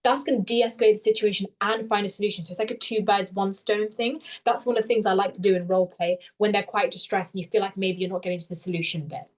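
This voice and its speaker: With a mid-range voice, a young woman leads a live webinar teaching interview skills via video call; she talks fast, explaining with animation and fixing her own wording as she goes.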